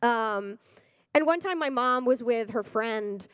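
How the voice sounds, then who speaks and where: A woman doing a stand-up comedy set on stage, animated and swearing, often breaking into loud acted-out voices. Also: on the high side, takes it slowly, smooth, no room sound, studio quality. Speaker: stand-up comic. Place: stage before a live audience.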